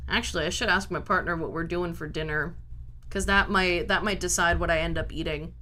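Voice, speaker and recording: A woman's voice: fairly low pitch, steady tone, brisk, pushed and bright, slight background noise. A woman game streamer at home, chatting casually into a desk microphone in a rambling, talkative, self-mocking way. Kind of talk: casual chat.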